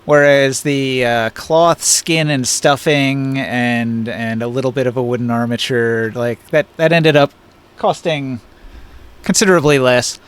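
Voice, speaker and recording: A man's voice: medium pitch, fairly even intonation, a little slow, clear, resonant tone. A man running a tabletop game on a live stream, chatty and explaining with many fillers. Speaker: game master.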